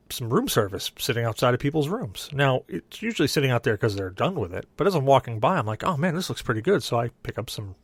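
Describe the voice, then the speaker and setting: A man's voice: medium pitch, husky, no echo. A young adult man, a podcast co-host, telling a long story in casual chat and acting out the other people's lines. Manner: animated, voices others in quoted dialogue.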